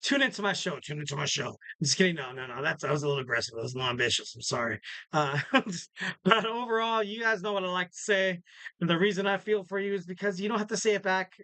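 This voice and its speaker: A man with a high-pitched, bright voice rambles through a casual podcast sign-off. He jokes, corrects himself and keeps talking. The sound is close and dry, with no room around it. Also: no room sound. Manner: rambling, joking, self-correcting. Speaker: podcast host.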